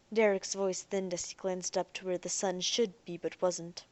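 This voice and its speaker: A woman narrating an audiobook in a soft, even storytelling voice that sinks almost to a whisper at times. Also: lowish voice, normal speed, hardly any pauses.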